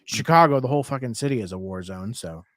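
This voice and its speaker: A man co-hosting a casual podcast, tossing in quick teasing questions and laughing often. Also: mid-range voice, expressive, dry recording, clean studio sound. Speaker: podcast co-host.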